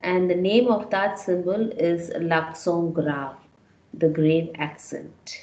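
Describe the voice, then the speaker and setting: A woman's voice: on the low side, steady tone, takes it slowly, darkish tone. A woman teaching a French class, explaining step by step and repeating words so students can follow. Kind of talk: classroom lecture. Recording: echoey room.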